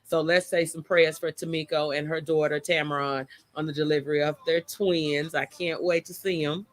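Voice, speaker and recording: A woman's voice: sits low, fairly even intonation, moderate pace. A woman hosting a casual livestream chat outdoors, talking with feeling and greeting viewers by name. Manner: emotional. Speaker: host of a live chat show. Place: outdoors by a motion-sensor light.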